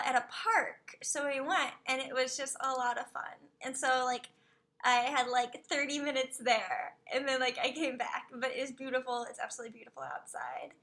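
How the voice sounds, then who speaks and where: Gushing woman streamer with a high voice; casual chat, soft asides. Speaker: live streamer.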